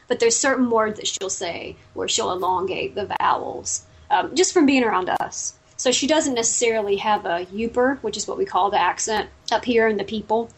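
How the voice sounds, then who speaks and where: A woman's voice: fairly high pitch, husky. A woman from the American South with a Southern American accent, a guest in a casual interview. She talks chattily and tells stories, restarting her sentences often. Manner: chatty, warm storytelling with frequent restarts.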